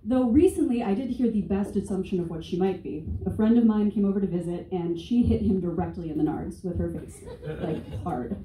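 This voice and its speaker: A woman's voice: mid-range voice, fairly quick, warm tone. A woman in her twenties doing a stand-up comedy set on stage, sarcastic, profane and conversational. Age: 20s. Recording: echoey room, distant mic, faint noise.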